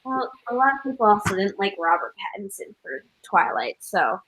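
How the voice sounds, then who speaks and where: A woman's voice: mid-range voice, big pitch swings, a little fast, a bit bright, a little hiss or hum, poor audio. Giggly, rambling woman on a video call. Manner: giggly, rambling with many fillers. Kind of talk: casual chat.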